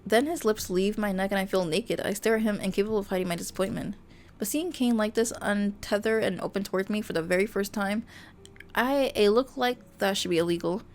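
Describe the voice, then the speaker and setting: A woman streamer reading a romance game aloud, animated and playful, often breaking off to joke with her viewers. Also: mid-range voice, brisk, a little hiss or hum. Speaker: VTuber streamer.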